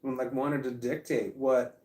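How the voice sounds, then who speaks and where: A man's voice: mid-range voice, little pitch movement, a little slow, darkish tone, distant mic. Rambling, cursing man in an echoey room. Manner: rambling, profane, frequent restarts. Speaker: vlogger. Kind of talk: casual storytelling.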